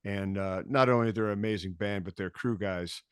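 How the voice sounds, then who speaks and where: A man telling a story as a podcast guest in casual chat, animated, acting out quotes and swearing freely. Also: lowish voice, fairly quick, smooth, no room sound, clean studio sound. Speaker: podcast guest, bass tech.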